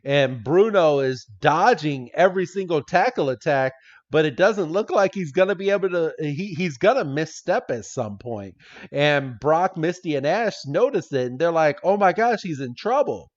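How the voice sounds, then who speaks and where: Male podcast co-host, casual and rambling, swears freely, fairly high pitch, dull lo-fi mic. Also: expressive, moderate pace. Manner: rambling, swears, laughs often, quotes characters in voices. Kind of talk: casual episode recap.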